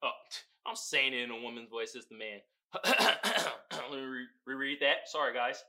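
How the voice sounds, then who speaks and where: A man hosts his podcast in a loose comedic rant that is loud, profane and quick to laugh. His voice is sharply bright and jumps all over in pitch, with a mid-range center. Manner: animated, profane, laughs often. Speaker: podcast host. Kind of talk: casual comedic commentary.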